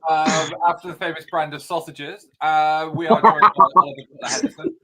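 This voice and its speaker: A man's voice: on the high side, steady tone, brisk, a crowd in the background. A British man hosting a casual podcast over a video call, playful and rambling with flustered asides. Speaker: podcast host. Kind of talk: casual chat.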